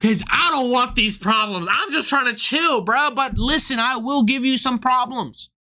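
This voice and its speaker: Young male comic, profane and heated, forceful bright voice, rants and slips into act-outs. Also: extremely high pitch, normal speed. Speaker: comedian streaming to viewers. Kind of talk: casual ranting monologue.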